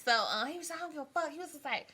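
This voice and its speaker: A young woman guest telling a story in a casual, animated way. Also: sits high, very fast. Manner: animated, laughing, acts out quotes. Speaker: podcast guest, pole and yoga instructor. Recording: faint background noise.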